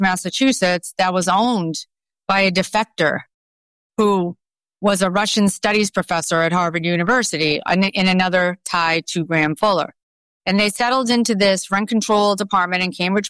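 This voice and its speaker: A woman's voice: mid-range voice, a bit bright, clean tone, no room sound. A middle-aged woman with a Boston accent, a guest in an interview, talking emphatically and skeptically in a conversational way. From Boston, USA. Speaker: guest journalist. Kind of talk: podcast interview.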